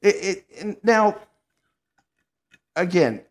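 A man from the Southern United States hosting a podcast, telling stories in a casual, animated way and laughing often. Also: high-pitched, slow pace. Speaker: podcast host. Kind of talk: casual chat.

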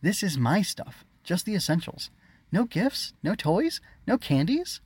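A man's voice: a little high, moderate pace, voice pushed up, lightly acted. A man voicing a spoiled, bossy little girl who whines and makes demands. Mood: whining. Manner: whiny, demanding.

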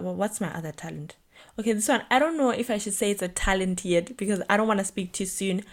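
A young woman hosting a solo podcast, talking chattily and reflectively with lots of "like". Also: fairly low pitch. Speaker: podcast host.

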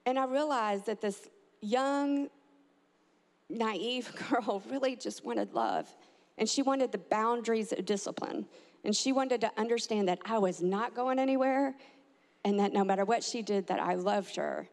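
A woman with a fairly high voice tells a family story in an animated way, jumping up in pitch to act out quotes. Her voice rings out with a long hall reverb around it. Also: measured pace. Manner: animated, acts out quotes with big pitch jumps. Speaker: adoptive mother telling a family story. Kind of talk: personal storytelling.

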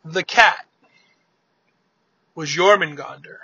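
A man voicing a grave, wary male giant king in a casually told myth, speaking in a solemn, measured way. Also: on the high side, sharp tone, slightly rough, dry recording, muffled recording, full character voice.

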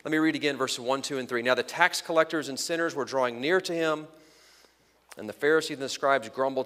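Earnest preacher in a reverberant hall. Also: male voice, medium pitch, fairly bright tone. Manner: earnest, emphatic preaching with slow deliberate stresses. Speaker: pastor. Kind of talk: sermon.

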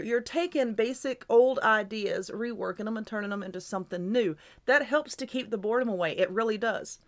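A woman's voice: on the high side, a bit bright. A woman hosting her own show, giving casual, reassuring advice in a chatty, repetitive way while stifling hiccups. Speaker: YouTuber and podcast host.

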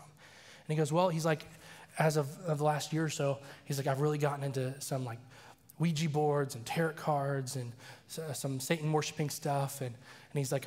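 A man preaching a sermon as a story, animated and acting out the voices he quotes. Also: a little high, normal speed, pauses often. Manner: animated, acts out quoted voices, laughs often. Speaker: pastor. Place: church sanctuary. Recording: long reverb of a large church hall.

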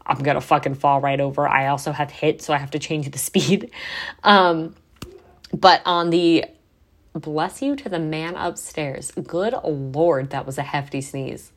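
Podcast host: young woman, lowish pitch, casual rambling delivery full of "like", occasional swearing. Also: fairly even intonation, measured pace. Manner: chatty, heavy use of "like", swears casually.

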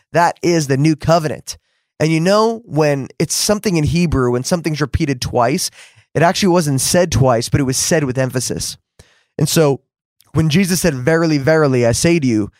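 A man's voice: on the high side, dry recording, studio quality. A man preaching a fervent podcast sermon, repeating words for emphasis and rising to exclamations.

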